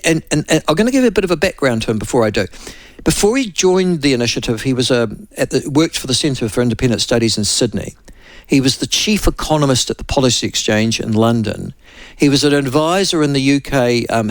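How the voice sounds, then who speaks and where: A man's voice: medium pitch, animated, a little fast, no echo. A man hosting a radio talk show, interviewing a guest in a loose, chatty way with fillers and restarts.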